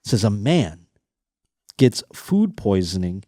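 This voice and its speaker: A man hosting a podcast in casual comedic chat, crude and animated, swearing constantly and mocking the stories he reads. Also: lowish voice, moderate pace, dry recording, clean studio sound. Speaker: podcast host.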